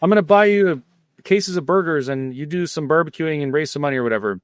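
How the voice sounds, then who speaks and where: A man's voice: on the high side, quick pace, no room sound, studio quality, voice pushed up, lightly acted. A man voicing a generous older male immigrant benefactor who talks eagerly and bluntly in a raised voice.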